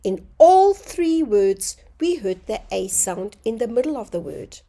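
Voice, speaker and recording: A woman teaching a phonics lesson to young children, sounding out words slowly and clearly. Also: a little high, big pitch swings, mellow.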